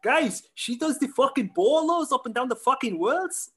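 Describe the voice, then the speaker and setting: A man doing an impression of a calm, effusive male grappling coach, speaking slowly and drawn out. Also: extremely high pitch, voice pushed up. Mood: gushing.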